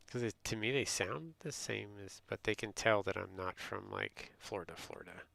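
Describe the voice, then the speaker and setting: A low-pitched man with a gravelly edge, chatting loosely and rambling through stories as he streams. His voice carries a bright, forceful tone, and the recording is close and dry with no room sound. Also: moderate pace, dry recording. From United States. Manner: rambling, chatty storytelling, reads and answers chat. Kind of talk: casual chat.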